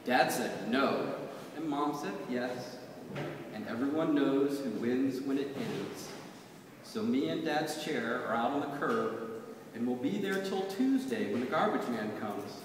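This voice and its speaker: A man's voice: mid-range voice, expressive, recorded from a distance, background noise. Man reading poems in an echoey hall. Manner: rhythmic, measured recitation. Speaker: poet. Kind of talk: poetry reading.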